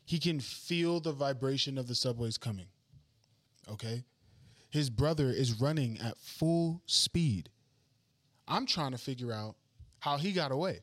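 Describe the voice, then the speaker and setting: A man's voice: mid-range voice, expressive, a little slow, pauses often, dry recording, clean studio sound. A man co-hosting a podcast, chatting casually and retelling a movie with joking energy. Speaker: podcast co-host. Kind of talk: casual chat.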